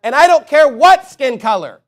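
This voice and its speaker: Angry preacher guy, high voice, keeps hammering questions at the crowd. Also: very animated, moderate pace. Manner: fiery, combative preaching with repeated rhetorical questions. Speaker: pastor. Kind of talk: sermon.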